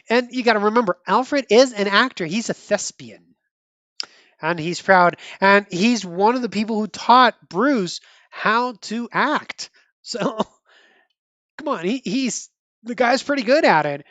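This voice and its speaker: Casting: a rambling comic podcast host, 30s or older, average pitch, dry close sound. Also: animated, slow, fairly bright tone, no echo. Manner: chatty, rambling, frequent restarts and laughs. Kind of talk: casual commentary reviewing a comic.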